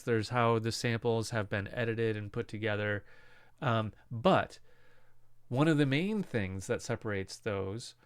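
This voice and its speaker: Man, mid-pitched voice, smooth and clear, dry close mic, casual software tutorial. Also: no room sound. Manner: casual, explanatory, asks rhetorical questions. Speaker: music production teacher. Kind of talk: screen-recorded software lesson.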